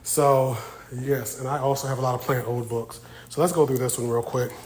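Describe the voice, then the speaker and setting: In a hushed library, a man banters with his live-stream audience, playfully teasing them at a moderate pace. His voice is of ordinary pitch, captured on a phone in a low-quality recording with a faint background hiss.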